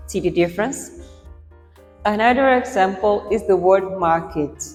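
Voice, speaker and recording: A woman pronunciation teacher talks through a lesson in a clear explanatory way, patiently repeating example words so learners can compare them. Her voice sits in a roomy space with a long reverb tail, and faint music plays underneath. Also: medium pitch, measured pace, a little mellow.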